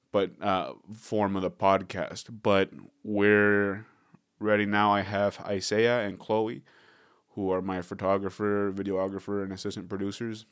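A young man hosts a podcast, his voice on the low side in a dry, studio-quality recording. He rambles casually through comedic chat, joking and swearing.

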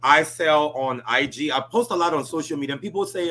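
A man's voice: a little high, fast talker, pushed and bright. A man from Ghana chatting as an interview guest, emphatic and frank, often tagging on "right?". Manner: emphatic, keeps adding "right?". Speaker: guest, designer and event planner. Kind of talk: casual interview chat.

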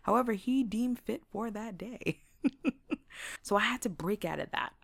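A young woman casually telling her own stories in a lively, motivational way, laughing often and acting out what she said back then. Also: medium pitch, normal speed, creaky, no room sound. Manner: faith-inflected, motivational.

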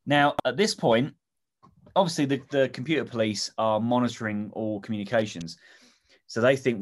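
A man's voice: medium pitch, moderate pace. Man spinning a rambling comic story. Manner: rambling storytelling with fillers and swearing. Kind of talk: casual comedic chat.

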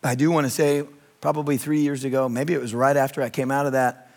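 A middle-aged male pastor preaching a sermon, animated and rising to shouts, telling a candid, self-deprecating personal story. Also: mid-range voice, fast talker.

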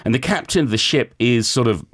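A man's voice: mid-range voice, lively intonation, fairly quick, fairly bright tone, slightly rough. A man hosting a radio book show, explaining a story's plot step by step. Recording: music playing underneath.

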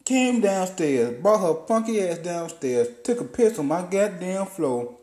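A man hosting a podcast, telling a profane comic story in a loose, animated way and acting out what people said. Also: high voice, measured pace. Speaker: podcast host. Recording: roomy echo.

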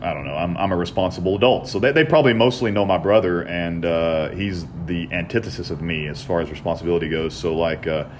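A man's voice: low-pitched, fast talker, hardly any pauses, a little hiss or hum. Profane man telling stories. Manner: profane, animated storytelling. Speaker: podcast co-host. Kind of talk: casual chat.

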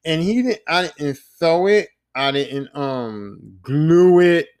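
A man hosting a podcast, recapping a video game in a casual, animated way, full of swearing and sound effects like bang and pop. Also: on the high side, slow, smooth. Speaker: podcast host.

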